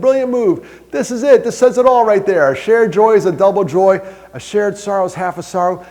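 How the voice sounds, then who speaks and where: A man from New York giving a live talk on mental health, telling stories, quizzing the audience and joking about himself. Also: mid-range voice. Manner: animated storyteller, quizzes the crowd, jokes about himself. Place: large hall with an audience. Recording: long hall reverb.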